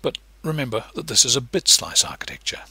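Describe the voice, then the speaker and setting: Male lecturer, husky bright voice, patient and explanatory, animated pitch. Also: fairly quick, no room sound. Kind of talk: recorded lecture narration.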